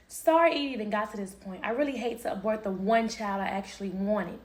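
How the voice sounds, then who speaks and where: A woman's voice: medium pitch, a little fast, few pauses. A woman telling a personal story in a casual, slangy way, talking straight to her viewers.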